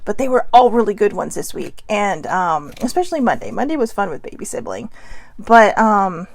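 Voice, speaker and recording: A woman talks straight into a close, dry mic in a loose, rambling pep-talk style. Her throat sounds scratchy and she keeps clearing it. She is full of "you know"s and casual swearing. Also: mid-range voice, big pitch swings, moderate pace, dry recording. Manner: chatty and rambling, swears freely, many "you know" fillers. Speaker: vlogger hosting a daily live video.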